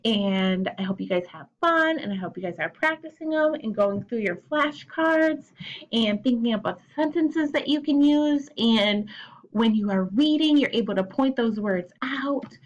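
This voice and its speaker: A woman teaching young children sight words, sounding out letters clearly and cheering them on. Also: medium pitch, lo-fi sound. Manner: encouraging, cheerful. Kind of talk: early reading lesson for young children.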